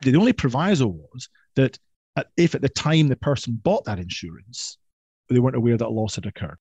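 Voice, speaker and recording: A man telling a history story with playful, emphatic energy, his pitch in a middle register. The sound is close and dry, with no room echo. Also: expressive, fairly quick, mellow, husky, muffled recording. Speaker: guest historian.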